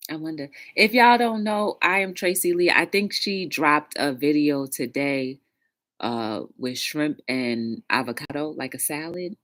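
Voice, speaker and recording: A woman's voice: low voice, measured pace, fairly bright tone. Chatty woman hosting a livestream. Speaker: livestream talk show host. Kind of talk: casual livestream chat.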